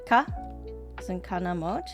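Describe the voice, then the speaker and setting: NZ woman streamer, lowish voice, chatty live commentary over a music bed. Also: very animated, measured pace. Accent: New Zealand. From New Zealand. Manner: chatty, reads aloud and reacts. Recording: background music track.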